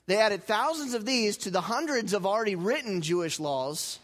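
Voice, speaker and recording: High-voiced preaching man with swinging dynamics. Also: lively intonation, normal speed, fairly bright tone. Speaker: pastor. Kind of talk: sermon.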